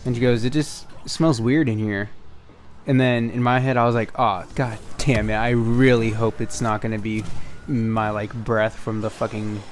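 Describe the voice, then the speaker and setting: Over gameplay footage, a young storytime channel host tells a tale casually at a normal speed in a medium-pitched voice, with a bit of hiss or hum audible. His retelling is animated; he acts out each line of dialogue and swears a lot.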